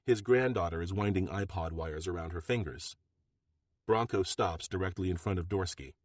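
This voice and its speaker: Male audiobook narrator, low voice, dry close studio sound, steady delivery. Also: no echo. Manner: steady, measured storytelling. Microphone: close studio mic.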